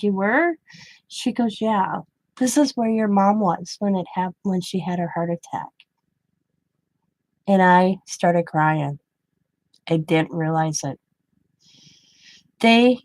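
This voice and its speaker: A woman's voice: medium pitch, a little mellow, dry recording. A grandmother who hosts a craft channel, telling a personal story in a rambling, chatty way and quoting others in her own voice. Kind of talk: casual storytelling.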